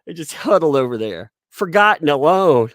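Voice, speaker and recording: A man's voice: very animated, normal speed, a bit bright, no room sound, clean studio sound. A man hosting a live stream, commentating sarcastically, reading chat and laughing often. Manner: puts on squeaky mocking voices when quoting people.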